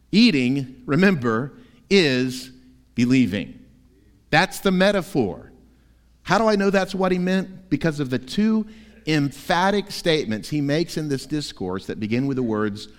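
Emphatic preacher in a reverberant church. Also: male voice, on the high side, animated, normal speed. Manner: emphatic, rising to forceful peaks. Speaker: pastor. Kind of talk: sermon. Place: church sanctuary.

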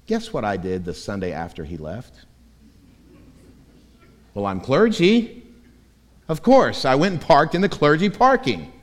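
A man preaching as pastor, telling stories in a self-mocking, emphatic way. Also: on the low side. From Florida. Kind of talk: sermon. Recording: echoey church hall.

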